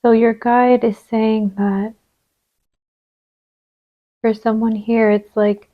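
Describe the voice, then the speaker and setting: Soft-spoken woman giving a card reading. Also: on the high side, flat delivery, slow, phone-quality sound. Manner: gentle, reassuring, drifts into soft whispers while placing cards. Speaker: tarot reader.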